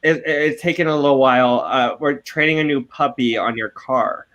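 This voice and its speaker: A man in his late twenties, co-hosting a podcast and telling stories in animated, profane casual chat. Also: medium pitch, moderate pace, poor audio. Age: late 20s. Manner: animated, profane, laughing storyteller. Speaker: podcast co-host.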